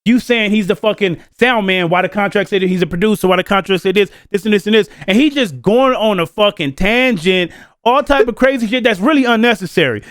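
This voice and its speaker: Male podcast co-host, high voice, animated casual talker, dry close mic. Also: fairly quick, dry recording. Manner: animated, laughing, acts out quoted people.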